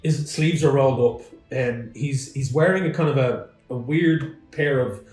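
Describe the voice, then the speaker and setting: A man narrates as game master, describing scenes in a loose, rambling way with plenty of fillers. His voice sits at a middle pitch. The room is echoey and faint music plays underneath. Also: a little slow, darkish tone.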